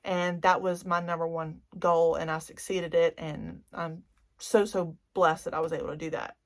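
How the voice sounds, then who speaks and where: A woman's voice: fairly low pitch, little pitch movement, moderate pace. A woman in her forties with a Cajun Louisiana accent, chatting candidly and gushing emotionally as a beauty vlogger. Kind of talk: candid vlog chat.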